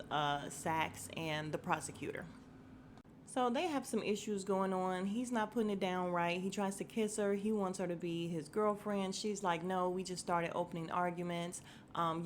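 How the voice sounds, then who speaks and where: A woman hosting a podcast at home, casually recapping a TV episode and acting out the characters' lines with laughter. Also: lowish voice. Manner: animated retelling that acts out the characters' lines, laughing often. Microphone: home mic. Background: faint neighbor's snowplow noise.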